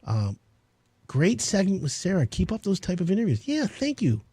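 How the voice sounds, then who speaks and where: Male radio host, high husky voice, brash sales patter, dry close mic. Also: very animated, normal speed, dark tone, no echo. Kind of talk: home improvement radio talk.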